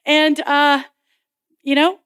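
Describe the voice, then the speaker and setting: A high-pitched woman shares her faith story from the pulpit, bouncing between narration and playful acted-out voices. The sound is dry and close, with no room echo. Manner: animated storytelling, acting out quoted voices; laughs often while telling. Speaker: speaker at a Bible college chapel. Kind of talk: personal testimony in a sermon.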